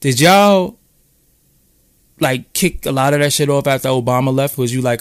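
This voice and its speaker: A man's voice: mid-range voice, normal speed, smooth, no room sound, studio quality. A man from Brooklyn with a New York accent, rambling in casual, profane street talk as he hosts a live-stream chat. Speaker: podcast host.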